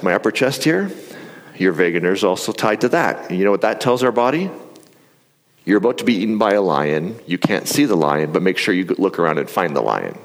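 Low-voiced man coaching breathing in a hall. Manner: calm, coaching, with demonstrations. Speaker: speaker leading a breathing exercise. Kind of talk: live talk with guided breathing. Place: large hall before an audience. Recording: live hall with long reverb.

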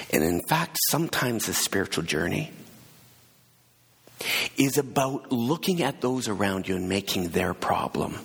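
A gravelly, husky-voiced man tells a story in a relaxed conversational sermon, pausing and restarting as he goes. His voice rings out with a long reverb in the hall. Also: lowish voice. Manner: casual, hesitant retelling with asides.

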